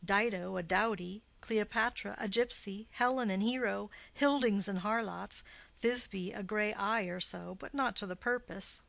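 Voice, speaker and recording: A woman's voice: medium pitch, vocal fry, fairly bright tone, dry recording. A woman reading the part of a witty, mocking young nobleman in an audiobook of a play. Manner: quick, punning banter.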